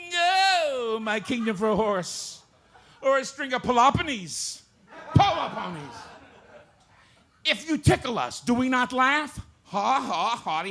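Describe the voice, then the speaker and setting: A man impersonating a famous blustering TV comedian declaiming Shakespeare in a bombastic, shouting manner, recorded live in a club. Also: very high-pitched, pitched above the performer's own voice, exaggerated voice. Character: blustering big-mouthed male TV comedian doing Shakespeare. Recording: live club with faint room noise.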